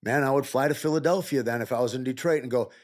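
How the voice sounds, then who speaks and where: A middle-aged man, a guest in a casual interview, telling stories and acting out quoted dialogue with a lively, rising voice. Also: fast talker. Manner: animated, acts out quoted dialogue with rising pitch. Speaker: podcast guest.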